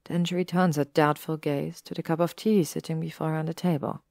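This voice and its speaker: A woman narrates a story in a measured, steady way. Her voice is low with a gravelly fry, and the recording is dry and close. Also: no room sound. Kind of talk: audiobook reading of fan fiction.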